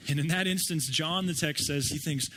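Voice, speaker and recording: A man's voice: fairly high pitch, moderate pace, sharp tone. A man preaching a sermon as pastor, in a conversational way, often asking his listeners rhetorical questions.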